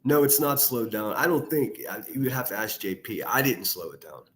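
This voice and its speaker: A man of middle pitch delivering a furious, profane commentary rant. He swears constantly and barks insults at the people in the clips he plays, with his voice rising into loud outbursts. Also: expressive, brisk, a little hiss or hum. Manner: angry, profane, shouting insults. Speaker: commentary youtuber. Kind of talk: ranting reaction commentary.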